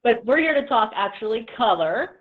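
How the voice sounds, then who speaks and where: A woman's voice: on the high side, big pitch swings, brisk. A woman hosting a casual interview chat, friendly with hesitant ums. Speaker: host. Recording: tinny phone-like line.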